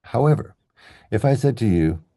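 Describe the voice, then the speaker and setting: A man teaching an online English pronunciation lesson, explaining clearly and slowing down to model the stressed words. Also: mid-range voice, lively intonation, warm tone, no echo, studio quality.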